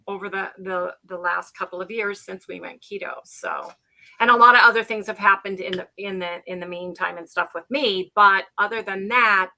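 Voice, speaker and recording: Bright-voiced chatty woman. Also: mid-range voice. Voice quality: talkative, animated storyteller with many restarts. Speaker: guest. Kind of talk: casual chat. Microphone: livestream call.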